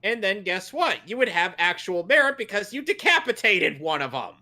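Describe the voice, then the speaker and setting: A man riffing on a film with a bright, forward tone and a pitch that jumps around a lot. He mocks the scenes with incredulous disbelief. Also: big pitch swings, normal speed. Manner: mocking, incredulous. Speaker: movie commentary co-host. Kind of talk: casual riffing movie commentary.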